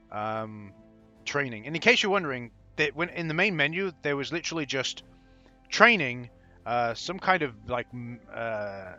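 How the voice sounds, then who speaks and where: A man with a bright, forward voice commenting casually on a video game, sarcastic and quick to swear. The audio is a bit dull and lo-fi, with faint music under it. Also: medium pitch. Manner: profane, sarcastic, laughing asides. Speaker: gameplay commentator. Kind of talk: casual let's-play commentary.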